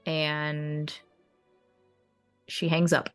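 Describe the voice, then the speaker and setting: A woman narrating a tabletop game as game master in a measured way. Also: low-pitched, completely flat delivery, smooth, faint music behind. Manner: slow, measured narration with fillers.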